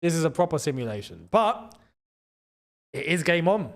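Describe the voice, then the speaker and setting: A man with a high voice for a man hosts a live football watchalong on a streaming mic. He is excitable and loose, repeats his phrases and breaks into laughter between calls. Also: moderate pace. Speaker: host.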